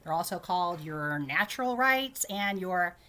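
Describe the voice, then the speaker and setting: A woman's voice: fairly low pitch, lively intonation, measured pace, bright, forceful tone. A woman in a played video clip earnestly explaining and insisting on her political views.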